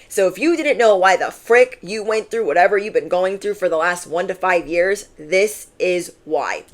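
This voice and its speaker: A woman giving a channeled tarot reading in an emphatic, chatty way, full of "like" and asides to the listener. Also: lowish voice. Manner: emphatic, conversational, fillers. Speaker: tarot reader.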